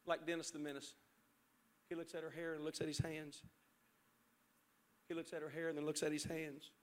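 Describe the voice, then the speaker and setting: A middle-aged pastor delivers a sermon in a church sanctuary, alternating between shouted appeals and quiet storytelling. His voice is slightly high and level, at a normal pace.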